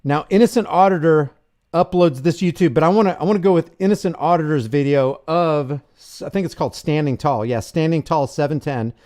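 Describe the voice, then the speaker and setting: A man's voice: a little high, fairly quick, darkish tone. A man hosting a live commentary stream, talking in an impassioned, preachy way. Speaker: host.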